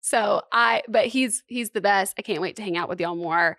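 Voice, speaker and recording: A woman hosting a podcast in casual chat, giggly and gushing, talking in quick bursts on a close mic. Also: medium pitch, a bit bright, no echo. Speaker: podcast host.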